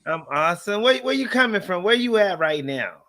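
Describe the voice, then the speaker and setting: Bright, chatty man hosting a video-call interview. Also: high-pitched, very animated, fairly quick. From Texas. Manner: chatty, laughing, storytelling. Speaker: host. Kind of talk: casual live interview.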